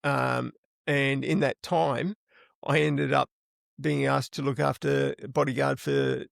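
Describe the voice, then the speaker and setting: Slow and gravelly, a medium-pitched male voice with little pitch movement belongs to a middle-aged Australian man who rambles through casual stories as an interview guest, swearing plenty. The studio sound is clean, with no echo.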